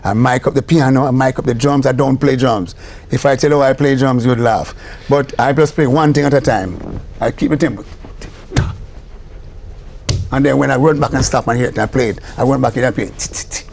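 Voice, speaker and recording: An older man with a Jamaican accent, a record producer telling studio stories in a lively way, slipping between patois and English. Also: medium pitch, brisk, gravelly, slight background noise. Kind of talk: storytelling interview talk.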